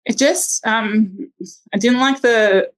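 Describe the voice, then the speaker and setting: A woman's voice: fairly high pitch, slow pace, rough recording. A woman telling her birth story in a casual interview, chatty with lots of ums and likes. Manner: chatty, many ums and likes, acts out quotes.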